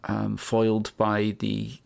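A man with a somewhat low voice and a gravelly edge co-hosts a podcast. He talks in a relaxed, reflective way, often restarting his sentences as he thinks. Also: slow pace. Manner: musing, hesitant restarts. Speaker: podcast co-host. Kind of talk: casual review chat.

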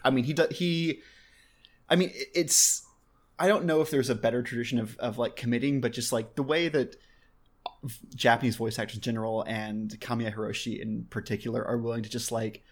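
A young man with an ordinary mid-range voice co-hosts a casual podcast. He talks wryly and laughs easily, often halting and restarting his sentences. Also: medium pitch, fairly even intonation. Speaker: podcast co-host. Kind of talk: casual chat about an anime.

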